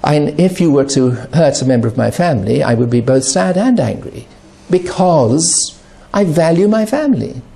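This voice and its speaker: A middle-aged man giving a talk on addiction recovery, animated and acting out the voices he quotes. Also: on the high side, normal speed, vocal fry.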